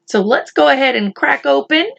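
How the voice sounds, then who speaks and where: A woman reading a chapter book aloud for children in a gentle, teacherly way, talking to the boys and girls. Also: high-pitched, moderate pace, vocal fry, highs cut off. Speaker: children's story reader. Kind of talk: read-aloud for kids.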